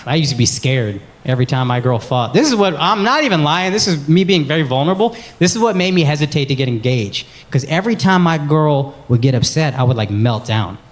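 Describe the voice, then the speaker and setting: Speaking fairly quickly and barely pausing, a very animated comedian with a voice on the high side does crowd work and bits. He profanely ribs audience members and jokes about his relationship, captured live in a club with the audience laughing.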